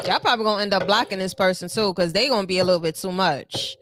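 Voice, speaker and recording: A woman's voice: mid-range voice, very fast, noisy background. A woman giving a tarot reading to her viewers, sassy and playful, full of slang and little acted-out quotes. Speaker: tarot reader.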